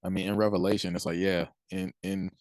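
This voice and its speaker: A man's voice: deep voice, little pitch movement, brisk, a little mellow, dry recording. A man giving a casual, conversational talk on Christian faith, acting out people's reactions and chuckling between points. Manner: conversational, acts out quoted reactions, chuckles often. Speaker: Christian speaker.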